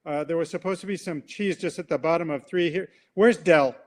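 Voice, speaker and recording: A man's voice: on the high side, fairly quick, voice pushed up, lightly acted. A man voicing a panicked, entitled rat who complains that its cheese was moved and demands someone fix it. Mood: indignant panic. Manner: frantic, indignant complaining.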